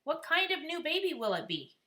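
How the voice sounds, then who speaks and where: A woman reading aloud, voicing an excitable, chatty four-year-old boy in a sing-song manner. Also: brisk, full character voice. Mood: eager. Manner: squeaky, sing-song, mimics cartoon voices.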